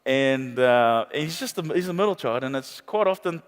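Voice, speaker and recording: Impassioned New pastor preaching in hall. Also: male voice, medium pitch, animated, normal speed, smooth. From New Zealand. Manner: impassioned, repetitive preaching with playful asides. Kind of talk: sermon. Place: large church hall.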